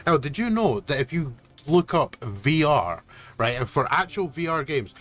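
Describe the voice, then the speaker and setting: A man's voice: a little high, sing-song, moderate pace, fairly bright tone. A man chatting casually on a gaming stream, rambling with restarts and casual swearing.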